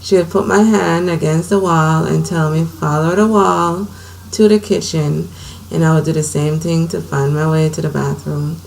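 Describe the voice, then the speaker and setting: A middle-aged woman from Saint Croix recounts her own story at home, candid and conversational. Her voice sits fairly low with a noticeable gravelly fry, and a faint hiss stays in the background. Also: little pitch movement, moderate pace, hardly any pauses, darkish tone, rough recording. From Saint Croix, US Virgin Islands. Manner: candid, conversational, emotional retelling. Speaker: vlogger. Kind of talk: personal storytelling.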